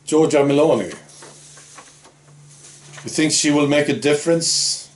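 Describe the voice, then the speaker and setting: A man's voice: a little high, measured pace. A man hosting his own opinion vlog, talking in a blunt, sarcastic, plain-spoken way. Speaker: channel host.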